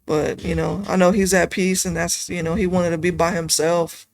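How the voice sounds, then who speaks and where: A woman guest on a podcast, talking casually and rambling with lots of "you know" and "like", going soft and subdued over hard memories. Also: fairly low pitch, little pitch movement, moderate pace, creaky. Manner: soft, subdued when telling sad parts. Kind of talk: casual conversation.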